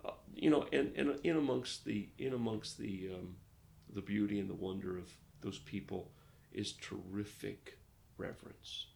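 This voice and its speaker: A man from Arkansas, a pastor, telling lively stories in a casual interview and acting out the dialogue. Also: lowish voice, moderate pace, creaky, slight background noise. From Arkansas, United States. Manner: lively storyteller who acts out dialogue.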